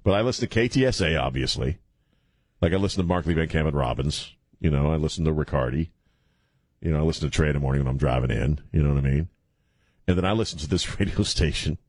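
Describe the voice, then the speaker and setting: A man's voice: very deep voice, fast, darkish tone, husky, dry recording. A man hosting a radio show, chatting casually and rambling with many restarts.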